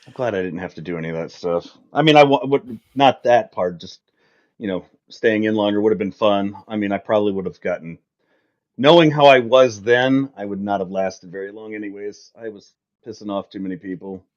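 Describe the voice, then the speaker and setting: A man's voice: on the low side, a little fast, darkish tone, dull audio. A man who is a guest on a casual chat, talking in a joking, self-deprecating way.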